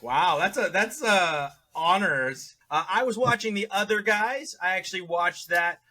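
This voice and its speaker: A man co-hosting a podcast, joking and quick with quips. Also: high voice, sharp tone. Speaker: podcast co-host. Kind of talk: casual podcast chat.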